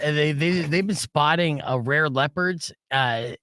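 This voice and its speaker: A man's voice: fairly high pitch, a little slow, sharp tone, clear, resonant tone, no echo, studio quality. A man hosting a live-streamed podcast who laughs often and chats loosely. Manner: laughs often, loose, chatty, uses fillers. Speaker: podcast host. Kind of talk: casual live-stream chat. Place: studio.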